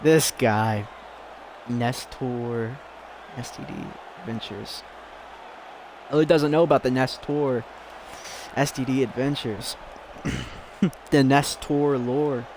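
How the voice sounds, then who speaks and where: A man casually commentating a fighting game, excitable and giggly, rambling between calls. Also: mid-range voice, takes it slowly, pauses often, a little hiss or hum.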